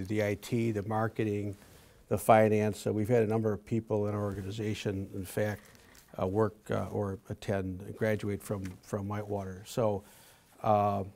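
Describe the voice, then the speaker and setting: Older man lecturing with halting fillers. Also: on the low side. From Wisconsin. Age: 60s. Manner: halting, with frequent uh fillers and restarts. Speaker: guest speaker. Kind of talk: prepared university lecture.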